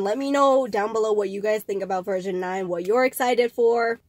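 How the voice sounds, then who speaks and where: A woman's voice: medium pitch, moderate pace, hardly any pauses, a little mellow, dry recording, studio quality. A woman hosting a casual vlog, rambling in a chatty way with frequent laughs and filler words. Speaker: vlog host.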